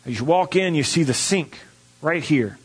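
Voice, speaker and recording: A man delivering a storytelling sermon, his voice sitting a bit high and carrying a husky, breathy edge. He talks in a folksy, conversational way and acts out the people in his story. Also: expressive, moderate pace. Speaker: preacher.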